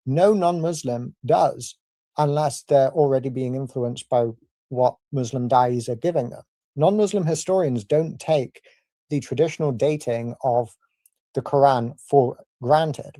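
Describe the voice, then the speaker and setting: A man giving a formal debate rebuttal in a measured, argumentative way. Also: medium pitch, gravelly, warm tone, dry recording.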